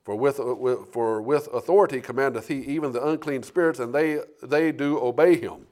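A man's voice: medium pitch, brisk, darkish tone. A man preaching to his church, reading verses aloud and explaining them with restarts and questions to the listeners. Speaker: pastor. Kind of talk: sermon, reading scripture and preaching.

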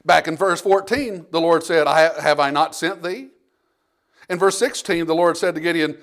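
A man preaching a sermon in a conversational way, repeating himself and acting out quotes from scripture. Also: fairly high pitch. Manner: conversational preaching with frequent restarts and acted-out quotes. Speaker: pastor.

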